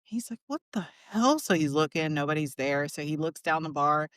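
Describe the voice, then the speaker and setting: A woman's voice: sits low, little pitch movement, a little fast, fairly bright tone, clean tone, no room sound. A woman hosting a podcast, chatting casually and laughing often. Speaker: podcast host.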